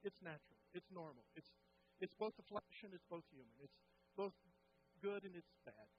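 High-voiced preacher swinging from loud to hushed. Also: male voice, moderate pace. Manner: animated, acts out quotes with rising pitch and volume, drops to hushed tones. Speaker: pastor. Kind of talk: sermon storytelling. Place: church sanctuary. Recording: dull lo-fi church audio with faint hum.

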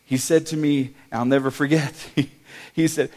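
A middle-aged man preaches, telling his own story of hardship. He speaks with emotion, stumbling and restarting often, at an everyday middle pitch. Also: fairly even intonation, a little mellow. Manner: emotional, halting, with repeated restarts. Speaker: pastor. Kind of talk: personal testimony sermon.

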